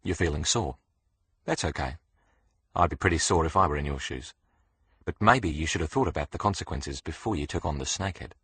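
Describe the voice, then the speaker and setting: A man's voice: a bass voice, fairly quick, a bit bright, husky, full character voice. A man voicing a blunt, casually menacing doctor in his forties with an Australian accent.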